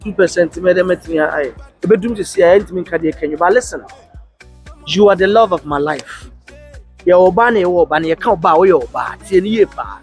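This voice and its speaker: A man's voice: high voice, fairly quick, faint music behind. A man with a Ghanaian accent in a comic argument skit, pleading and cutting in again and again to be heard. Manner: pleading, keeps cutting in with "listen". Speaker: comedian in a skit.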